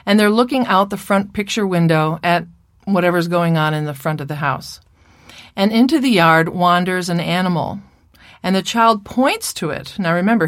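A woman giving a recorded lecture presentation on speech therapy, speaking in a clear, measured teaching voice. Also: on the low side, dry recording, clean studio sound. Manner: clear, measured teaching voice with playful child and mother impressions.

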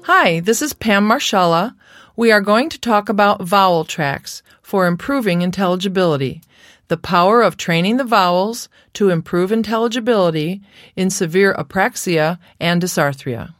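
A woman giving a recorded lecture presentation on speech therapy, speaking in a clear, measured teaching voice. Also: mid-range voice, fairly bright tone, no room sound, clean studio sound. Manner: clear, measured teaching voice with playful child and mother impressions.

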